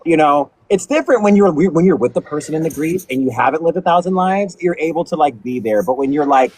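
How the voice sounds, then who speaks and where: A young man chatting casually in an interview, telling lively stories and acting out the people in them. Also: on the high side, quick pace, hardly any pauses, breathy edge, dry recording, rough recording. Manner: animated storytelling, acts out quotes. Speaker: guest narrator. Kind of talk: casual chat.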